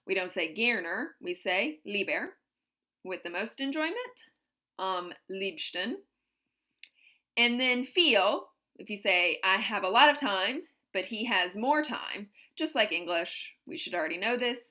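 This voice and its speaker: A woman's voice: mid-range voice, animated, a little slow, sharp tone. A woman teaching a German grammar lesson in English, patiently explaining step by step with examples.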